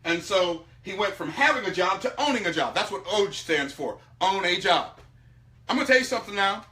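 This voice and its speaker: An emphatic man with a high, bright voice tells a personal story to an audience. He swings from loud outbursts down to hushed, low asides. His delivery stays animated throughout. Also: a little fast. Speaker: speaker teaching about money.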